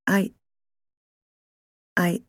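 A woman reading an audiobook, voicing a frightened young wife with a hoarse, shaky, breathless voice, raised in pitch and sometimes whispered. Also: drawn-out words, no room sound, studio quality. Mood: shaken. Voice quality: hoarse, strained. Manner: shaky, breathless, near tears.

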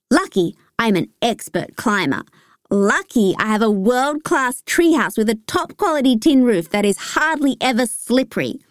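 A woman's voice: on the high side, animated, moderate pace, no echo, studio quality. A woman reading a children's audiobook aloud, telling the story expressively as a first-person child narrator. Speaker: audiobook reader.

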